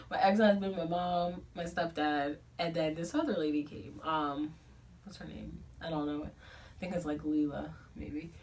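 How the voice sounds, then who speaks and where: A woman's voice: sits low, steady tone, normal speed, a little mellow. A young woman vlogging about a book, telling a casual, profane story with lots of fillers to the camera she films herself on. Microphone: camera filming herself. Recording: a bit distant from the mic, faint room noise.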